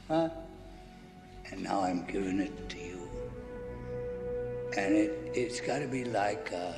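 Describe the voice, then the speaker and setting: An actor playing a gruff, devoted old boxing trainer who talks in rough street slang. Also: male voice, lowish voice. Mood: heartfelt. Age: older. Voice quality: gravelly. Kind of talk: film drama acting. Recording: echoey room with score music.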